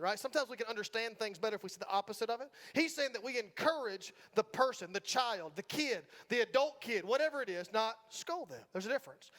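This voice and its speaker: A middle-aged pastor from Georgia, US, with a Southern accent delivers a sermon in a church sanctuary, his voice extremely high and a bit bright. He chats casually with the congregation, cracks jokes, and keeps asking "right?"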